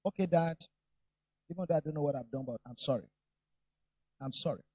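A man voicing a young son who protests and pleads with his father, his voice jumping high. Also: a little fast, husky, no room sound, studio quality. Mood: resigned. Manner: shouting protest, rising pitch.

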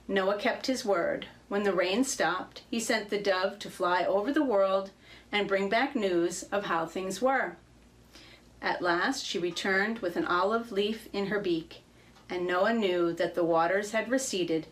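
Woman reader, fable at church, measured, mid pitch. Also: poor audio. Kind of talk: storytelling.

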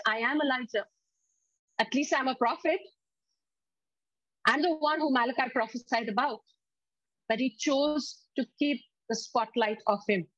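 A woman delivers a sermon in a slightly high voice, dwelling on each scripture line with slow emphasis. She leads the congregation in call-and-response. The sound is dry and a little dull. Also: a bit bright, dry recording. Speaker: preacher.

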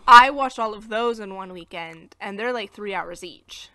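American woman podcast co-host, bright tone, dry close mic, loose and chatty. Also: medium pitch, moderate pace, no echo. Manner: chatty, laughs at her own slips, recaps plot. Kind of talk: casual movie review chat.

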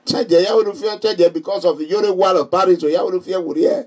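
A middle-aged Nigerian vlogger chats casually with his viewers, joking and laughing often in an animated way. His voice is high-pitched, fast and slightly rough, and it sounds distant from the mic.

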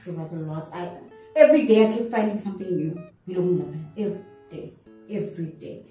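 A young woman with a South African accent, telling her personal story in an interview, animated and switching in and out of isiZulu. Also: on the low side, a little fast. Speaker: interview guest. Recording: echoey room, voice from a distance, faint music.

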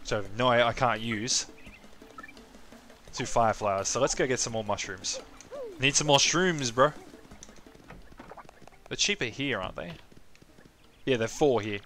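A man's voice: medium pitch, unhurried, long pauses, a bit bright. A man giving casual, profane, self-mocking commentary on a live game stream.

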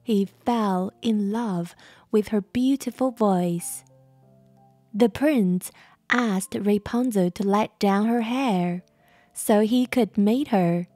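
A woman narrating a fairytale as a gentle bedtime story with very slow, gentle pacing. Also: medium pitch. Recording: soft background music.

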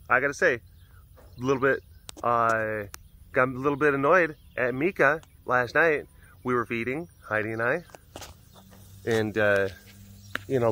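A man hosting a casual vlog outdoors at a big cat sanctuary, telling stories in a relaxed way with laughs and cooing softly to the animals. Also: medium pitch, slight background noise.

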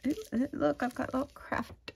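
A middle-aged woman, chatting casually and gushing excitedly as she opens craft mail at home. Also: sits high, moderate pace, creaky, background noise. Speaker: crafting vlogger. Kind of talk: casual unboxing chat.

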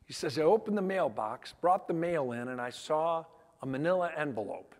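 A man's voice: fairly high pitch, animated, normal speed, a little mellow. A man on stage at a conference, telling heartfelt stories in an emphatic storytelling style and acting out the quoted dialogue. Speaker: conference speaker. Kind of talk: storytelling keynote talk. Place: large conference hall. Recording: long hall reverb.

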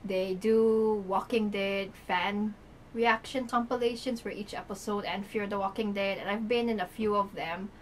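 A young woman talks to her camera in an excited unboxing vlog, gushing and breathless, with lots of filler words. Her voice sits at an ordinary middle pitch. A faint hiss of room noise lies behind her home recording. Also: moderate pace, rough recording. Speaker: YouTuber.

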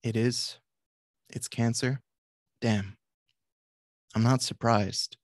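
A man reading as a gruff, blunt patient in his sixties. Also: medium pitch, steady tone, dry recording, studio quality, lightly acted. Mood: shaken. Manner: blunt and crude, quick to snap.

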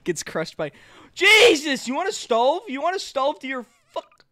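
A man hosting a live gameplay stream, excitable and joking, often yelling to his co-player. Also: very high-pitched, normal speed, no echo, clean studio sound. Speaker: streamer host.

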